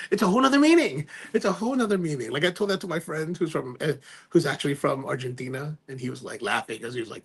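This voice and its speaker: A man's voice: a little high, big pitch swings, normal speed, husky. A man hosting a live stream in casual chat, reading viewer comments aloud and rambling, often trailing off and restarting. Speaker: livestream host.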